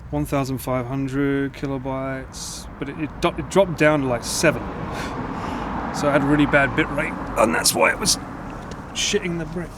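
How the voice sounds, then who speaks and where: A man's voice: mid-range voice, fairly even intonation, normal speed, background noise. A man streaming a game live, joking with chat, swearing and laughing often. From United Kingdom. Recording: game music loud behind. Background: game music.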